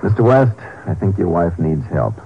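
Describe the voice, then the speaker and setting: An actor playing a calm, methodical ranger who questions witnesses and narrates the case, in 1940s radio acting on a dull old broadcast. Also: male voice, sits low, breathy edge, exaggerated voice. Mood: level. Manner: brisk, level questioning. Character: calm, methodical male lawman.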